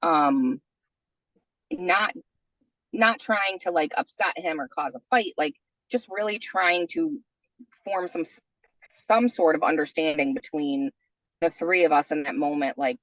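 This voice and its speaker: A woman's voice: low-pitched, measured pace, pauses often, a bit bright, no echo, poor audio. A woman podcast host telling a personal story in a chatty way, full of "like" and "you know". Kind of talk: casual storytelling.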